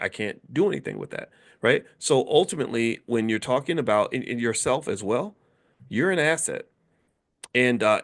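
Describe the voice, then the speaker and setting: A man talking to camera as host of his own show, animated, often restarting and repeating words as he goes, and breaking into quoted voices. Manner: animated, acts out quoted voices with sudden high pitch jumps. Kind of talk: talk to camera.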